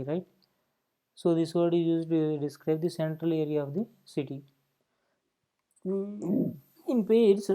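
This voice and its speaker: This English teacher has a warm, slightly high voice. He works through a grammar lesson, explaining each point and frequently dropping an "okay" in between.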